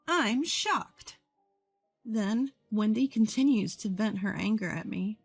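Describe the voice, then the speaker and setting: A woman narrates a first-person story in a calm, measured voice at a middle pitch. Her voice sounds dry and close to the mic. Soft music plays faintly underneath. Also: no room sound.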